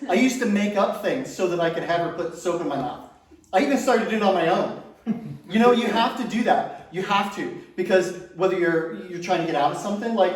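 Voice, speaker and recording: A man performing a stand-up comedy set, self-mocking and fishing for applause for himself. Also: high-pitched. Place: comedy stage before a live audience. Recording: echoey room, far from mic.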